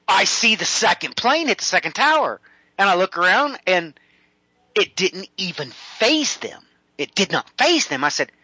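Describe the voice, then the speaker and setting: A middle-aged man, a home builder, telling a personal story in an interview, rambling with many drawn-out "uh" fillers. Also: sits high, sharp tone, no room sound, rough recording.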